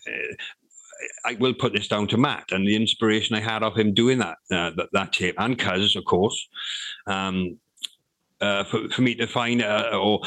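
A man's voice: fairly low pitch, fairly bright tone, no echo, rough recording. A middle-aged man, telling stories in a casual interview, rambling with restarts and swearing freely. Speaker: interview guest, rapper.

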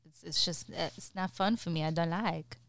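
A young woman in casual chat, candid and expressive, laughing often and swearing freely. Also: on the low side, normal speed, gravelly, very noisy.

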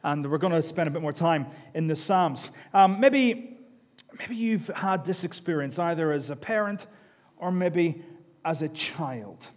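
A man's voice: fairly high pitch, expressive, a little slow. A man preaching a sermon in a conversational, self-deprecating way, often repeating his words. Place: church hall. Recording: long echo of a large hall.

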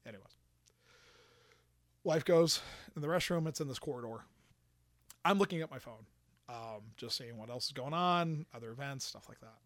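A man casually telling a story on a podcast, animated and swearing, acting out quotes. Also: mid-range voice, moderate pace, pauses often, dry recording.

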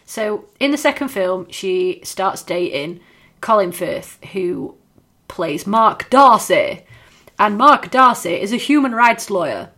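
A woman's voice: medium pitch, expressive, takes it slowly, bright, forceful tone. A woman, chatting casually and swearing freely as a podcast co-host. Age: 30s. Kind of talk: casual chat.

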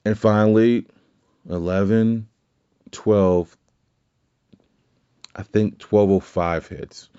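A man's voice: fairly low pitch, steady tone, drawn-out words, long pauses, mellow, clean tone, dull audio. A man hosting a podcast, telling a rambling story in casual chat, swearing freely and correcting himself as he goes. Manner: rambling, profane, self-correcting. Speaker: podcast host.

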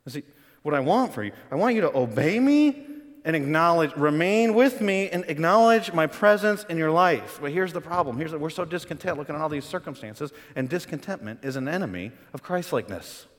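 A man preaching a sermon as pastor, conversational and animated, acting out quoted voices. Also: fairly high pitch, fairly quick, in a large hall.

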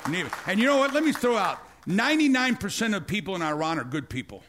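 A man preaching, telling a story with animated energy and acting out the scenes. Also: sits high, fast talker, a crowd in the background, background noise. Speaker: pastor. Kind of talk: storytelling sermon.

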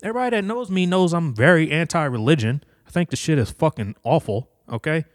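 Brief: man, solo commentator, heated profane rant, dry close sound, swooping higher voice. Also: animated, fast, no echo. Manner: profane, heated, repetitive ranting. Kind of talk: casual opinion rant.

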